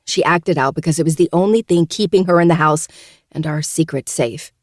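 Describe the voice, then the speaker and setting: A woman's voice: deep voice, moderate pace, a little mellow, dry recording, studio quality, lightly acted. A woman voicing a venomous, cornered young woman who seethes, screeches and pleads. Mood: seething.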